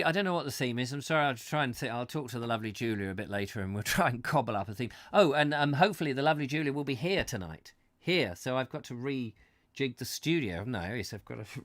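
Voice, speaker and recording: A man in his fifties chatting live to his viewers, halting and rambling as he searches for words, earnest and heartfelt. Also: medium pitch, fairly bright tone, no echo. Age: 50s. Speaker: host of a live reading channel. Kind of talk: casual live chat to viewers. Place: his own studio.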